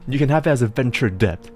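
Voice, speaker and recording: A man's voice: medium pitch, a little mellow. A young man hosting a casual live stream, rambling, laughing often and swearing freely. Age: young adult. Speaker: streamer host.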